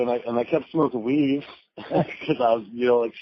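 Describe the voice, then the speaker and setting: A man's voice: mid-range voice, animated, normal speed, a little hiss or hum. A man telling rambling, profane stories with laughs as a podcast guest in casual chat. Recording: dull lo-fi remote audio.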